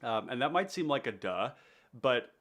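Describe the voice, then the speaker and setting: A man's voice: mid-range voice, very animated, normal speed, fairly bright tone. A man with a nasal, congested voice, hosting a live stream in an easygoing, rambling way with many fillers. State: under the weather, congested. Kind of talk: casual live stream chat.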